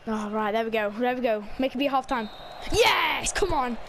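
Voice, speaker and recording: Excitable high-voiced woman trash-talking. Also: normal speed, a little hiss or hum. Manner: cocky, excitable trash talk with frequent stammered restarts. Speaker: gamer playing against a friend. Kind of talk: casual gaming chat.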